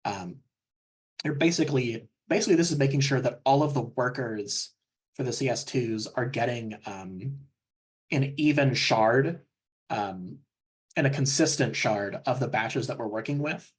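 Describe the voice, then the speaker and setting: Young guy walking through a tech training, kinda husky, lots of ums. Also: mid-range voice, measured pace. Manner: explanatory, frequent ums, relaxed. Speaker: technical trainer. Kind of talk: technical training presentation.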